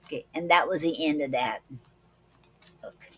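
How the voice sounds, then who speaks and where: A woman's voice: sits low, background noise. A woman hosting a poetry club live stream, reading poems and explaining a poetic form and a word of the day, with frequent "okay"s between parts. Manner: slow, careful reading with many "okay"s.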